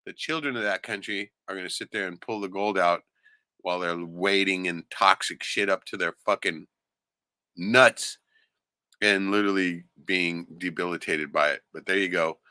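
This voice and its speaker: Hosting a streamed show, a man offers sarcastic commentary on video clips and swears a lot. His voice sits low with a sharp tone, recorded with no echo.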